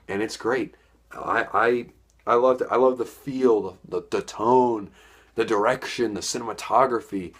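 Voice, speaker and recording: A man's voice: fairly low pitch, measured pace, fairly bright tone, breathy edge. A young man giving a casual, enthusiastic spoken film review, rambling and repeating words as he goes. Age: young adult.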